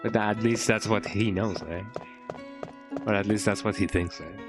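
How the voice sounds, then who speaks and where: A man's voice: fairly low pitch, fairly even intonation, normal speed. A man streaming a game with casual, playful commentary. He repeats words in a goofy sing-song and often ends sentences with "eh?". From Mexico. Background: game music.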